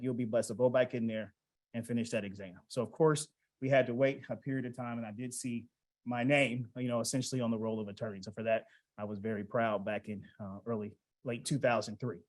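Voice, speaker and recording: Man, 40s, mid-pitched, conversational speaker at an awards event, storytelling with asides to the audience. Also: steady tone, brisk, rough recording. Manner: conversational, retells family dialogue, asks the audience questions. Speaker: award recipient giving a speech. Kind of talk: personal storytelling speech. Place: event hall.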